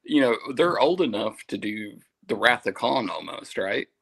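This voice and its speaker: A man's voice: on the low side, expressive, normal speed, vocal fry, a bit bright, slightly rough, low-quality recording. A man co-hosting a podcast, teasing his friends and laughing often. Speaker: podcast co-host. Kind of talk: casual chat.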